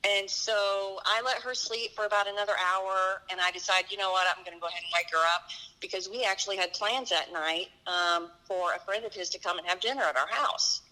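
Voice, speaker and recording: A woman's voice: mid-range voice, steady tone, brisk, bright, forceful tone, low-quality recording. A middle-aged woman earnestly recounting a personal story, acting out the dialogue. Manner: earnest, vivid retelling with quoted dialogue. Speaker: guest telling her story.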